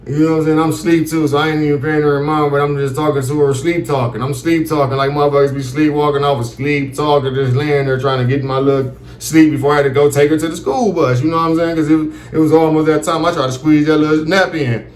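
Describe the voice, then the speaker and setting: High-voiced man venting a story, profane. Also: steady tone, fast, echoey room, a little hiss or hum. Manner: loose, profane, keeps asking "you feel me". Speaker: comedic storyteller. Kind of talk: casual storytelling vent.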